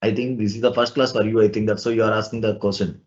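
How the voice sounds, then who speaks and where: A man's voice: lowish voice, level tone, fast, darkish tone, dull audio. A man teaching an online class, explaining step by step and asking rhetorical questions.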